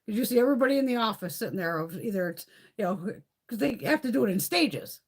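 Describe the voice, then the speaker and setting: A middle-aged woman with a fairly high, breathy-edged voice talks fast on her beauty livestream. She's animated and chatty, dropping swear words freely and answering viewers as they comment.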